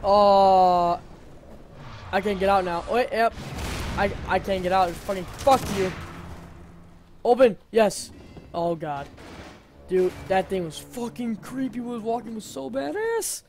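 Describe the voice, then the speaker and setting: A young man narrating his own game playthrough, his voice leaping up and down in pitch as he curses and yelps at every scare. He talks in an unhurried drawl between the bursts, into a home desk mic with a faint hiss behind him. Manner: excitable, swears constantly, yelps and gasps at scares. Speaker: gaming channel host. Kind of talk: live let's-play commentary. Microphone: home desk mic that glitches.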